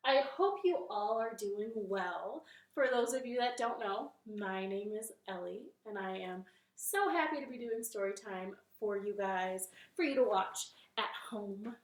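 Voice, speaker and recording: A woman leading a children's storytime from her living room, gentle and encouraging, with a sing-song manner for the kids. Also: medium pitch, lively intonation, unhurried, few pauses, roomy sound.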